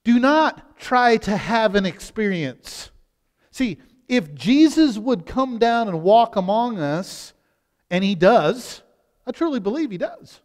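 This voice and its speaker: A man preaching a sermon as pastor, talking conversationally with many restarts and swinging between loud and hushed. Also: high-pitched, very animated, takes it slowly. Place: church sanctuary. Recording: long hall reverb.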